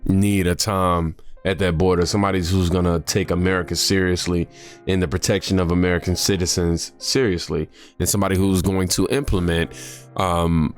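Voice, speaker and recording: A man with a low, deep voice hosts a reaction video in a loose, conversational way. He is sick and short of breath, and he reads posts aloud between his own comments. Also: fairly even intonation, moderate pace, faint music behind. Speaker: reaction channel host.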